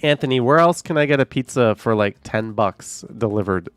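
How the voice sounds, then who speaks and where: A man's voice: mid-range voice, moderate pace, no echo, faint music behind. A man live streaming, chatting casually with viewers, rambling and swearing at voice assistants when annoyed.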